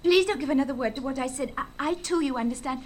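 An actress playing a highly strung young woman in mourning, emotional and indignant, in a radio play. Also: fast talker, a little hiss or hum, natural voice. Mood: distressed.

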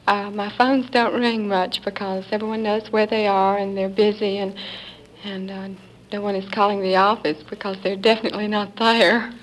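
Southern-accented woman, interviewee, steady even voice over light tape hiss. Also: mid-range voice, rough recording. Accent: Southern American. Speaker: secretary to astronauts. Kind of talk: interview answers.

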